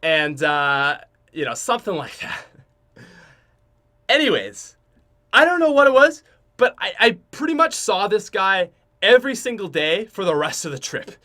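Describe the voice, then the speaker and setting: A man's voice: sits high, sing-song, measured pace, long pauses, pushed and bright. A young Canadian man with a Canadian accent hosting a podcast, telling a story in a rambling way with many fillers and restarts. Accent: Canadian English. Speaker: podcast host. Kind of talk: casual storytelling.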